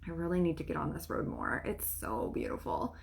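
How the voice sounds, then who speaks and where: A woman's voice: deep voice, very animated, a little fast, vocal fry. A middle-aged woman, a spiritual coach and podcast host, talking casually to listeners in a rambling way, with many fillers, frequent laughs and casual swearing.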